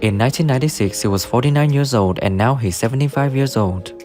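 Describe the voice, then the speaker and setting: A man narrating a video in a flat, list-like scripted read. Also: mid-range voice, fast talker, soft background music. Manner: flat, list-like reading of names and ages. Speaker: narrator of a cast then-and-now video.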